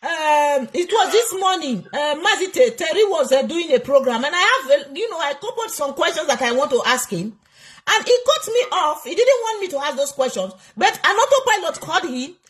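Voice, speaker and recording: Nigerian woman on a live show, really high voice, swings up and down a lot, fired up and scolding. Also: sing-song, brisk. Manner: angry, scolding, mixes in Nigerian Pidgin. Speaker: host of a live call-in program. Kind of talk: heated live broadcast rant.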